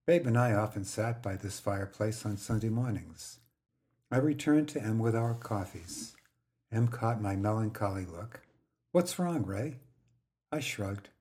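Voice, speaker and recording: An older man hosting a podcast, telling a personal story in the first person, quietly and gently. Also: on the low side, moderate pace. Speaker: podcast host.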